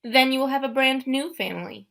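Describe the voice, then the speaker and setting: In an audiobook, a woman puts on a menacing male monster who sneers at children with stiff, formal menace. The voice is bright and pointed, and it swings through a wide pitch range. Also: a little fast, vocal fry. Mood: taunting. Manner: cold, formal, mocking. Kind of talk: audiobook character voice.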